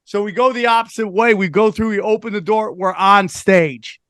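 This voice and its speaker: A man who is a stand-up comic and podcast host, telling a profane story in an animated way and acting out quotes. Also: high voice, moderate pace, no room sound, clean studio sound.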